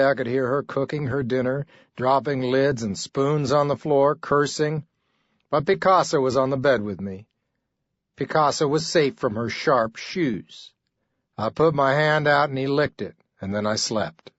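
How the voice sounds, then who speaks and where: A man's voice: mid-range voice, measured pace, no room sound, lo-fi sound. Man narrating with laconic dryness. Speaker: audiobook narrator. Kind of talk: scripted narration.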